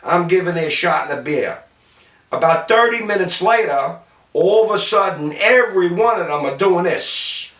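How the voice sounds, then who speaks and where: A man from City, telling salty anecdotes about his bartending days in a lively, gesturing way. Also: high-pitched, moderate pace. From Jersey City, New Jersey, US. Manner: animated, gestures while talking, salty. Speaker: storyteller, former bartender. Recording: roomy sound from a distant mic.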